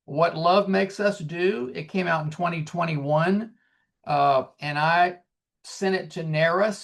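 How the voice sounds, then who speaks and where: Guy in his 60s, songwriter, tells stories all lively and heartfelt, bit higher voice than most men. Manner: animated storyteller, acts out dialogue. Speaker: singer-songwriter guest. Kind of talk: casual storytelling.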